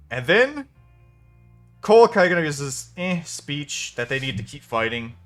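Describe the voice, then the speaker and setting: A man's voice: fairly high pitch, very animated, moderate pace, a bit bright, soft background music. A man giving a casual spoken film review, venting in an exasperated, profane way. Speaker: movie reviewer.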